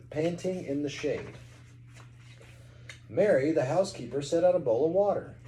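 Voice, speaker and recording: A man's voice: on the high side, warm tone, reverberant, a little hiss or hum, poor audio. A man from Kentucky, a parent reading a storybook aloud to a child at home, with chatty asides.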